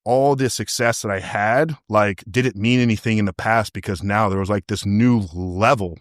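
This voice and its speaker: Low-voiced man telling his story candidly. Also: no echo, studio quality. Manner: candid, emotional, fast storytelling with many fillers. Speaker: podcast guest, coach. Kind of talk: casual interview storytelling.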